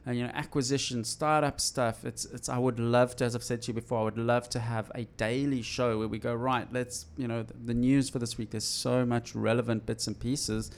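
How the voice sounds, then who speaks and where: A man hosts a casual tech podcast from an office, his voice gravelly with fry. He rambles, restarts sentences and fills pauses with ums. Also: medium pitch, level tone. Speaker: podcast host.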